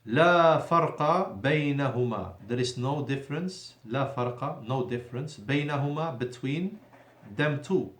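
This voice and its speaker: A man leads a language lesson, stretching out the words he wants his students to remember. His voice sits at an ordinary middle pitch, and it rings off the walls of an echoey mosque classroom. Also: animated, fairly bright tone. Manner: deliberate, drawn-out emphasis on key words; switches between Arabic and English, self-correcting. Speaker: Arabic teacher. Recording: echoey room.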